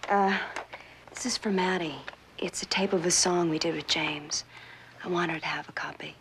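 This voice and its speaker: A shy teenage girl in a TV drama, speaking in a soft, lowish voice that sounds hesitant and hurried. Clear background noise runs behind her. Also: steady tone.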